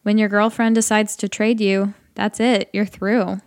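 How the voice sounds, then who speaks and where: A woman narrating a comic short story in an even, deadpan way. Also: mid-range voice, measured pace.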